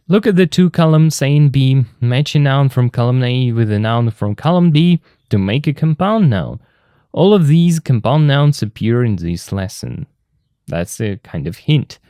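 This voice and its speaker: A man's voice: medium pitch, dark tone, no echo, clean studio sound. Patient man teaching English vocabulary. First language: Russian. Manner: patient, clear, repeats examples slowly. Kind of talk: textbook lesson explanation.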